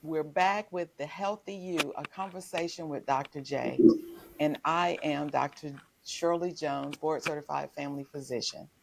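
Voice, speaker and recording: A woman family physician hosting a health talk show, introducing her guest as a measured, friendly interviewer. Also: deep voice, creaky, a little hiss or hum.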